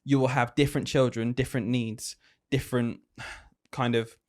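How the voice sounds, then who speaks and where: Reflective male teacher, mid-pitched voice. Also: flat delivery, moderate pace. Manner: reflective, thinks aloud with hedges. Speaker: podcast co-host, teacher. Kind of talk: casual chat. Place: tiny room.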